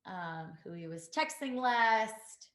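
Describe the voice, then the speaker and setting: A woman, a podcast guest, telling a painful personal story in a halting way, full of fillers and restarts. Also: medium pitch, lively intonation, fairly bright tone, echoey room. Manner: halting, many fillers and restarts, quotes others.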